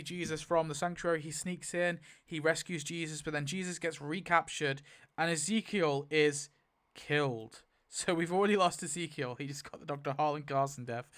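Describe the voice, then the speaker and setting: A man in casual, rambling commentary while spinning a wheel to rewrite a story, getting excited at results and briefly quoting characters. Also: a little high, clear, resonant tone. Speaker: YouTuber.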